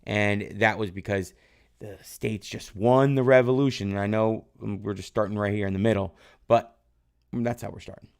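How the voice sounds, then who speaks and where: A man's voice: on the low side, steady tone, moderate pace, gravelly, clear, resonant tone. A man teaching a live-streamed exam review lesson, loosely quizzing his viewers and praising their answers. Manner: loose, rambling, tag questions like "right?". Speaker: history teacher.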